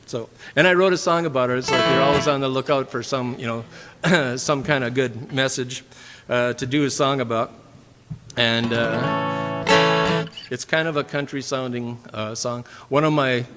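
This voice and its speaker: Minnesota man telling a story in a reverberant church. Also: medium pitch. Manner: rambling, with fillers and frequent throat clearing. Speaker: church member giving a testimony. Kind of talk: casual storytelling testimony. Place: church sanctuary. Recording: long hall reverb.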